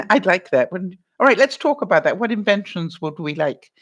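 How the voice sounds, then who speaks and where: A woman's voice: lowish voice, lively intonation, fairly quick. A middle-aged woman vlogger chatting casually with her live chat, reading out comments, laughing often and acting out little voices.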